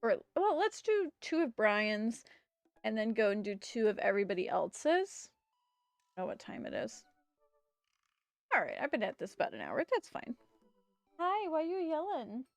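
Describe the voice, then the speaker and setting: A woman streaming a game, chatting casually and reading the story aloud in a lively, talkative way. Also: a little high, moderate pace, pauses often, dry recording, faint music behind. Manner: chatty, animated, talks to her pets.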